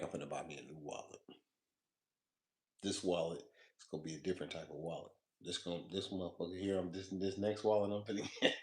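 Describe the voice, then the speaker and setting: Casual male vlogger, low voice, slangy profane ramble, roomy echo. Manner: loose, slangy, profane, laughs often; repeats himself and talks to the viewer. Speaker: food vlogger.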